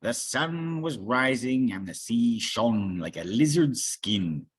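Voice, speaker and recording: A reader telling a picture book aloud in a slow, expressive way, voicing sound effects along the way. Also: mid-range voice, slightly rough, no room sound. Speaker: storybook reader. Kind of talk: storybook read-aloud.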